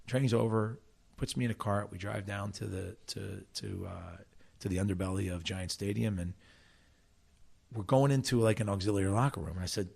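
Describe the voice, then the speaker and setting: A middle-aged man from South Jersey, USA, a soccer coach and former player, is the guest in a casual interview. His lowish voice moves fairly quickly with vocal fry and a breathy edge. He tells stories in an animated way and often restarts his sentences.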